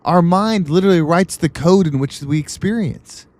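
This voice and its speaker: A man's voice: fairly high pitch, normal speed, a little mellow. A man hosting a podcast, delivering an emphatic, repetitive motivational monologue. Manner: emphatic, repetitive pep-talk cadence. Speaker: podcast host.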